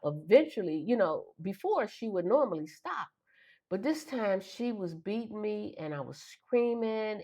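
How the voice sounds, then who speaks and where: Middle-aged woman, lowish voice, tells a hard story with lots of feeling. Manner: emotional, vivid retelling, acts out voices. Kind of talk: personal storytelling.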